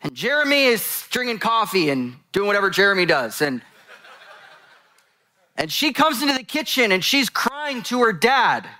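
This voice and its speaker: A man's voice: high-pitched, moderate pace. A man preaching a sermon to a congregation, telling stories with jokes and asides. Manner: animated storytelling, addresses congregation, jokes.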